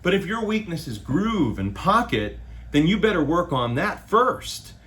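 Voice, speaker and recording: A man, a bass player, giving his opinions in a casual, loose monologue with slang and the odd swear word. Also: very animated, unhurried, a bit bright.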